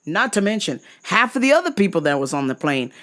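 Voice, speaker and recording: A woman's voice: fairly low pitch, fast talker. A woman hosting her own vlog, telling a travel story as an exasperated, profanity-laced rant. She stretches out words for emphasis. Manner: profane, exasperated, animated retelling. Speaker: vlog host.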